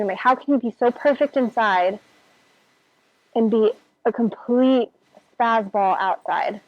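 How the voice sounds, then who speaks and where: A woman's voice: medium pitch, steady tone, unhurried. A woman casually telling a personal story, acting out her own past reactions with lots of "like" fillers. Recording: dull lo-fi sound, faint music behind.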